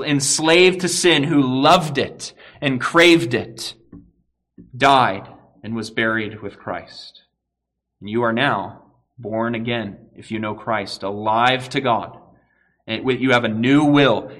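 A man preaching a sermon to his congregation, earnest, swelling at key points and dropping to a quiet, low emphasis. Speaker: pastor.

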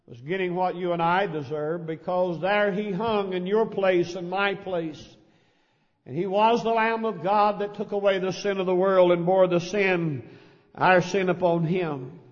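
A man, a pastor, reading scripture, praying and preaching a sermon in an earnest, measured way in a church. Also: sits high. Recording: lo-fi audio with long hall reverb.

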